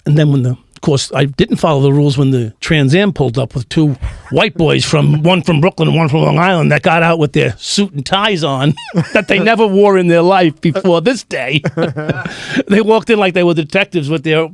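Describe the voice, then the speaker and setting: A man's voice: fairly high pitch, normal speed, creaky. A man around sixty, a former police officer telling profane, laughing stories in a casual interview. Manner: profane, laughing anecdotal storytelling.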